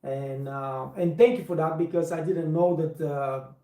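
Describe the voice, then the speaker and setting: Here a livestream host who trains waiters speaks unhurriedly in a steady, dark-toned voice that leans high. The room echoes, and his casual talk is emphatic, with repeated words for stress and non-native phrasing.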